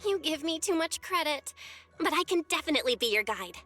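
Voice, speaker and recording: A woman's voice: high voice, expressive, a little fast, bright, forceful tone, soft background music. An actress voicing a friendly, modest young woman who offers to be a guide in game dialogue. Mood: obliging. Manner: modest, obliging.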